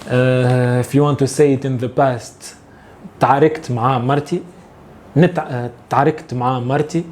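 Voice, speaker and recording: Mellow-voiced man teaching, unhurried. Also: mid-range voice. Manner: relaxed and halting, with frequent fillers and chuckles. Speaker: Tunisian Arabic teacher. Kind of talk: casual language lesson.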